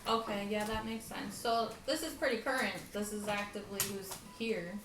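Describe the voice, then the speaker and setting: A woman's voice: medium pitch, moderate pace, fairly bright tone. A woman player chatting casually at a tabletop game, blunt and chatty. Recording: echoey room, distant mic, faint music.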